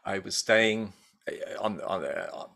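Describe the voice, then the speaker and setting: A man's voice: deep voice, animated, slow, creaky, bright, forceful tone. A middle-aged man talking as a guest in a casual interview, rambling and hesitant with many restarts and fillers. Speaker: guest, baker and food writer.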